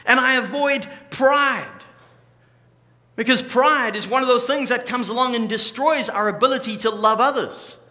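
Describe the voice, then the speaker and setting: Male pastor, sermon, high bright voice, emphatic, slows for stress, church hall with long reverb. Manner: emphatic, varied delivery with slow stressed phrases.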